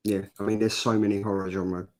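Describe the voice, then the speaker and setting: A man's voice: fairly low pitch, little pitch movement, a little fast, a little mellow. A man hosting a casual comic review show, reading viewer comments and laughing easily. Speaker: host.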